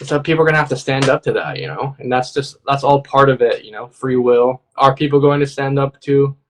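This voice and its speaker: A man's voice: mid-range voice, fairly quick, a little hiss or hum. Rambling man, casual and filler-heavy. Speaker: guest channeler. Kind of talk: casual chat on a livestream.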